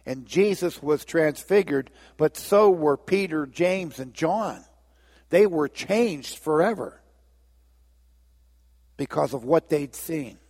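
A man delivers a storytelling sermon, slipping briefly into the voices of biblical figures. His voice sits a little high and carries a gravelly edge. A long reverb trails behind him, as in a large hall. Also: expressive, slow, darkish tone. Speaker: preacher.

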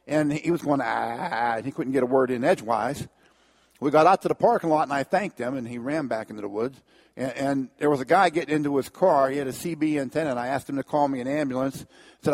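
A man's voice: mid-range voice, fast, a little mellow. Man, middle-aged, testimony to an audience, earnest storytelling, voice swells at key moments. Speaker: speaker giving a testimony.

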